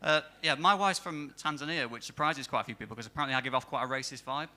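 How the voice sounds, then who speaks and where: Quick, bright-toned deadpan stand-up man. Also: mid-range voice, a little hiss or hum. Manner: dry, deadpan one-liners. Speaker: stand-up comedian. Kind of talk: stand-up set. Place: comedy club stage.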